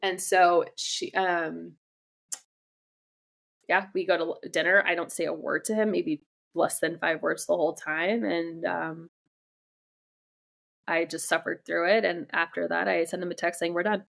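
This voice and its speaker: A young woman sits for a frank, personal interview, her voice low and edged with vocal fry. She speaks bluntly and swears without a second thought. She keeps breaking off mid-sentence and starting over as she works through her story. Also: fairly even intonation, fairly bright tone. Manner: candid, blunt, swears freely; halting, restarts sentences often. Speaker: interview guest.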